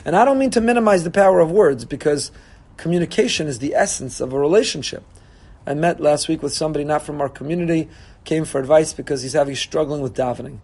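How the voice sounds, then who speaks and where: A man's voice: fairly high pitch, fast, husky. A man giving a sermon as a rabbi, preaching with animation and acting out quoted voices. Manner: animated preaching, voicing God and congregants.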